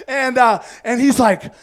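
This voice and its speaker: A man doing stand-up comedy, telling a rambling story on a club stage and laughing at his own lines. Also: very high voice.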